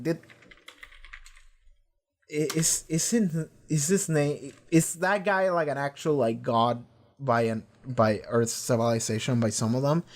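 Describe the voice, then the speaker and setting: A man with a somewhat high voice talks loosely about a show as a reaction video host. He rambles, restarts his thoughts mid-sentence and swears freely in a casual, unscripted way. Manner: rambling, profane, lots of restarts. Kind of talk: casual rambling episode discussion.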